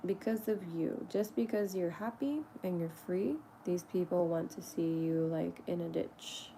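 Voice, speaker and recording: A woman with a low, gravelly voice delivers a chatty spiritual vlog monologue. She is candid and swears freely, often breaking into laughter. A faint hiss of room noise sits underneath. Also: steady tone, unhurried. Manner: talks to herself lovingly in soft asides. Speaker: spiritual vlogger.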